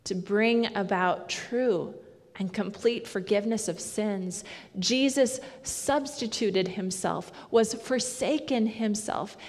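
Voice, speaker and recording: A woman preaching a sermon in a slow, measured, reflective way. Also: mid-range voice, darkish tone. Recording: long hall reverb.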